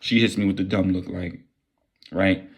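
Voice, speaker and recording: A man telling a wild personal story in a casual, profane and excitable way. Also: deep voice, normal speed, breathy edge.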